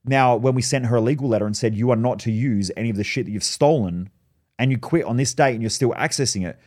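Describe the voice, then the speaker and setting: Aussie guy ranting on his podcast, blunt and sweary, middle pitch. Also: quick pace, darkish tone. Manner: blunt, profane storytelling. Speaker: podcast host. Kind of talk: solo podcast monologue.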